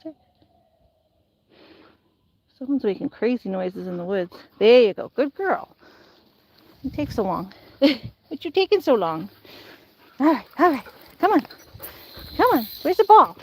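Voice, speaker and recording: A woman's voice: fairly high pitch, sing-song, measured pace, pauses often, a little mellow, husky, no echo. A woman vlogging outdoors near woods, playfully giving commands to dogs. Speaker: vlogger, dogsitter. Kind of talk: casual vlog talk to dogs.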